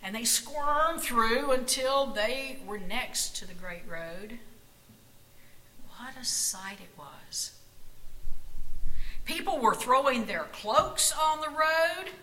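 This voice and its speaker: A woman reads a children's Bible story aloud at a slow, unhurried pace. Her voice is bright and clear and sits a little high, and her reading is expressive. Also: rough recording.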